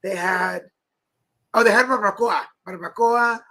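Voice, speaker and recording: Bright-voiced chatty man telling stories. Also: high-pitched, a little slow, low-quality recording. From Mexico. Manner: chatty, laughing, playful storyteller. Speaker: talk show co-host. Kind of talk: casual chat. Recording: live stream with faint background noise.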